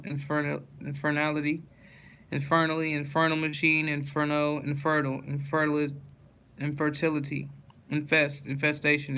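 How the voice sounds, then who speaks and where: A man's voice: fairly high pitch, slight background noise. A man steadily reading dictionary words aloud as a list in a level, unvaried delivery, stumbling and restarting on some words. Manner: flat monotone list reading with slips and restarts. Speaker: channel host reading dictionary entries.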